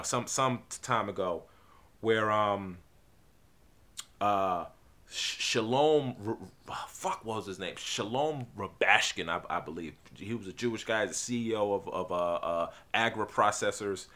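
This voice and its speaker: Man from New Jersey, podcast host, bright forceful tone, lowish voice, rambling, swears a lot. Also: unhurried. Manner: rambling and profane, with frequent restarts and fillers. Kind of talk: casual solo podcast monologue.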